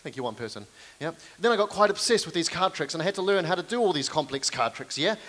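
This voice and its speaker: A young man with a New Zealand accent doing live stand-up comedy on stage, with self-deprecating, deadpan asides to the audience. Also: fairly high pitch, quick pace. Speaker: comedian and card manipulation performer.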